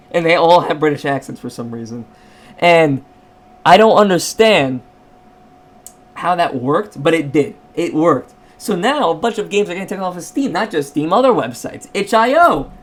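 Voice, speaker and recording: A man ranting in a casual vlog, sarcastic and rambling, with frequent restarts. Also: fairly high pitch. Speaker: channel owner.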